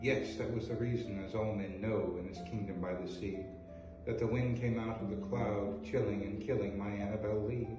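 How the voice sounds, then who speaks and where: A man hosting a video, reading poetry aloud with a theatrical, drawn-out delivery. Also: lowish voice, steady tone. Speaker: host. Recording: echoey room from far off, faint music.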